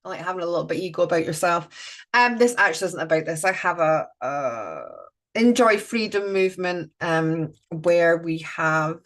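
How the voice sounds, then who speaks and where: A woman's voice: fairly low pitch, moderate pace. A woman doing a live oracle card reading, chatty and playful, breaking off to greet viewers.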